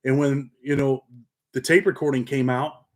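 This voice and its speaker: This laid-back, streetwise channel host, a middle-aged paralegal from Rochester in upstate New York, has a slight country twang and keeps dropping "man" into his slang-filled talk. He speaks at normal speed in a medium-pitched, steady voice while casually chatting on a livestream and reading comments.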